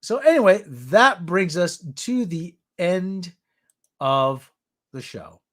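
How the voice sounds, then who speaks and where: A man's voice: high voice, very animated, takes it slowly. A man from the New area, hosting a casual news roundup in a rambling way with jokey asides. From New York area. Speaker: show host.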